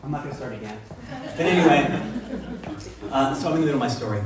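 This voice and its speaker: A man's voice: medium pitch, lively intonation, fast, a little hiss or hum. Man telling a rambling story in an echoey room. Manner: rambling, self-interrupting, wry. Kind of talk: live personal storytelling. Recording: echoey room, heard from a distance.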